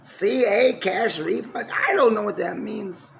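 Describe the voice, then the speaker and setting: A man in his sixties talking to camera in a long rambling monologue, swinging from low mutters to loud outbursts, indoors in his apartment building. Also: measured pace, creaky, slight background noise. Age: 60s. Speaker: vlogger.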